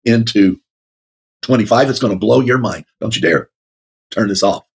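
A man's voice: lowish voice, moderate pace, creaky, breathy edge. A man co-hosting a casual Bible discussion, rambling with many fillers and frequent laughs. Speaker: co-host of a Bible talk show.

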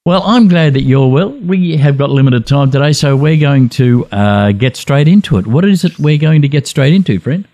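A man's voice: a little high, animated, normal speed, hardly any pauses, mellow. A man hosting a casual talk show in a jokey, chatty manner. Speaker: show host.

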